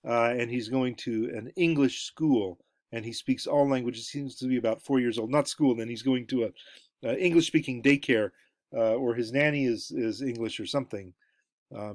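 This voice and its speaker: A middle-aged man giving an anthropology lecture, halting with many fillers and restarts, his pitch jumping up for each new point. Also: no room sound. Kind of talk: recorded lecture.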